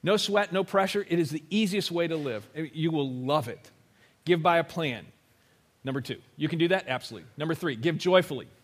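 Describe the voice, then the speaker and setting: In a church sanctuary, a pastor speaks fairly quickly with a fairly high voice and lively intonation. His sermon feels like a conversation, peppered with "right?" and small acted-out quotes.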